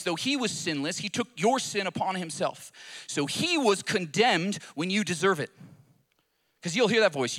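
Bright-voiced man preaching with passion. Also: high-pitched, expressive, moderate pace. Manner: impassioned, repetitive preaching cadence with rhetorical questions. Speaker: pastor. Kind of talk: sermon.

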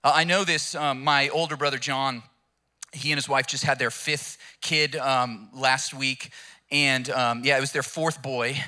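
Bright-voiced casual young pastor. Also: male voice, medium pitch, fairly even intonation, unhurried. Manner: casual, storytelling, joking. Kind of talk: sermon.

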